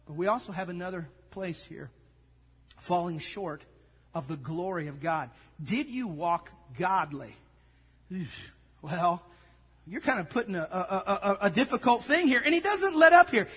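A man preaching a sermon, telling a story and acting out the dialogue with lively energy. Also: high voice, unhurried, husky, in a large hall. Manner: storytelling, animated, acts out dialogue. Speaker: pastor.

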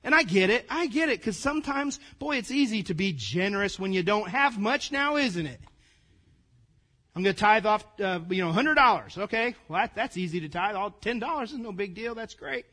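A man with a fairly high voice preaches in an easygoing, conversational way. He calls the congregation "gang" and speaks to them directly. He drops to quiet asides, then comes back up with loud, punchy emphasis. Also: animated, moderate pace. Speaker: pastor. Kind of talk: casual conversational sermon.

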